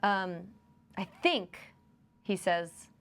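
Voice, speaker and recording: A woman's voice: medium pitch, drawn-out words, a bit bright, clear, resonant tone. A young woman co-hosting a podcast in casual chat, laughing often and acting out movie quotes. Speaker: podcast co-host.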